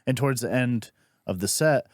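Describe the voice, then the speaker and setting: A man who hosts a podcast and does stand-up, telling stories in an animated, profane way and acting out the voices of people he quotes. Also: medium pitch, moderate pace, dry recording, studio quality. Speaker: podcast host and stand-up comic. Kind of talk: casual podcast chat.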